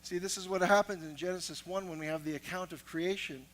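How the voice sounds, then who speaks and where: A man's voice: high voice, steady tone, brisk, hardly any pauses, fairly bright tone, poor audio. A man preaching a sermon as pastor, moving from storytelling to emphatic teaching.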